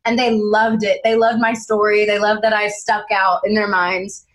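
Young actress guest chatting away, lively storyteller, does little voices for people. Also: female voice, mid-range voice, normal speed, low-quality recording. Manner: animated storyteller, acts out quoted voices. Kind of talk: casual interview chat.

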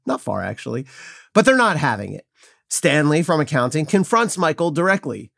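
A man's voice: fairly high pitch, very animated, moderate pace, creaky, a bit bright, no room sound, studio quality. A man hosting a podcast, delivering scripted political commentary in a wry, pointed, opinionated manner. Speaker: podcast host.

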